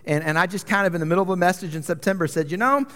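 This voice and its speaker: A man's voice: sits high, fairly even intonation, racing, a bit bright. A young man preaching a casual, conversational sermon as a pastor, with a joking, self-deprecating manner. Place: church sanctuary. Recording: long reverb of a large church hall.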